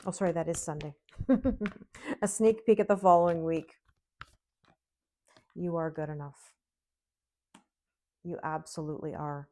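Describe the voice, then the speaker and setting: A middle-aged tarot reader gives a casual reading in a low, warm, steady voice at normal speed, pausing often. She's chatty and reassuring, regularly checking in with the listener by asking "okay?" and "right?"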